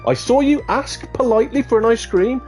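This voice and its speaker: A man's voice: on the high side, very animated, moderate pace, darkish tone, soft background music, voice pushed up. A man voicing a firm, no-nonsense mother who talks sternly but coaxes. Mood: coaxing. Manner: stern and coaxing.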